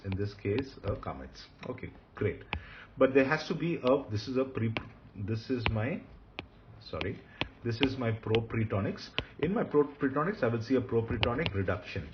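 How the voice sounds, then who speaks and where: A man giving a recorded grammar lesson, explaining step by step and repeating each term slowly. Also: medium pitch. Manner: methodical, repeats terms slowly. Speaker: Hebrew grammar teacher. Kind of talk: recorded lecture. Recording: dull lo-fi sound with faint hiss.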